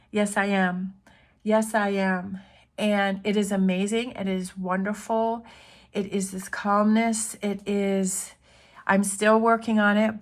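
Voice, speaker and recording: A woman tarot reader giving an earnest, encouraging spiritual pep talk, often repeating her phrases. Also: mid-range voice.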